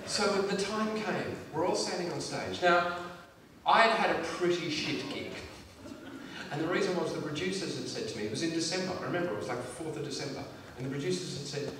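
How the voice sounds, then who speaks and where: Aussie guy telling a stand-up story, high voice, echoey hall, sounds a bit far off. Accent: Australian. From Australia. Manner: animated, switches into quick voices for others. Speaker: stand-up comedian. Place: large theatre stage. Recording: echoey theatre from far off with audience noise.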